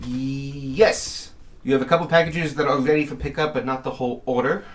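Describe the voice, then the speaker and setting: A man's voice: mid-range voice, steady tone, moderate pace, natural voice. A man voicing an older gnomish woman alchemist who calls people dearies. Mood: businesslike.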